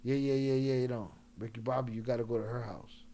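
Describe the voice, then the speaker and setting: A man's voice: mid-range voice, steady tone, fast talker, dark tone. Loose, laughing live-stream host, male. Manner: loose, joking slang talk, laughing often. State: a few drinks in. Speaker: livestream host. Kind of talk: casual live-stream chat.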